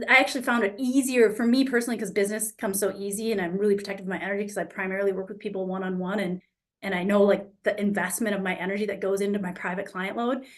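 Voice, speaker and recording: A woman coach giving a casual teaching talk to an online group. She speaks frankly, swears freely and acts out the exchanges she describes. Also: medium pitch. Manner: lively, acts out quoted exchanges.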